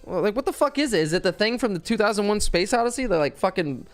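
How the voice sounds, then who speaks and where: Ein verwirrter alter Mensch, der sein Handy anstarrt und mit schriller, sehr hoher Stimme fluchend Fragen ruft, von einem Mann nachgemacht. Die Stimme springt ungläubig nach oben, ist weit weg vom Mikrofon und wird laut und gepresst. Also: male voice, high voice, animated, quick pace, soft background music, voice pushed up. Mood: irate. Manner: bewildered, shouting, profane. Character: confused old person squinting at a phone.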